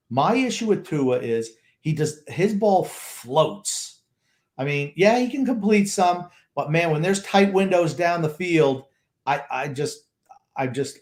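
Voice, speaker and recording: A man co-hosting a sports podcast, giving blunt, opinionated takes in casual chat. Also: mid-range voice. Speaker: podcast co-host.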